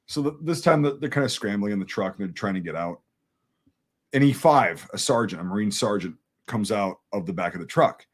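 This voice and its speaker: This Wisconsin man, a veteran, speaks a little fast in a fairly low voice as he shares a war story in relaxed chat. Profanity flows easily, and he performs the quoted dialogue of everyone involved with real animation.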